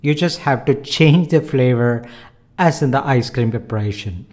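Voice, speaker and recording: A man teaching a language lesson online, explaining in a measured, earnest way and using simple analogies. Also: mid-range voice, a little mellow.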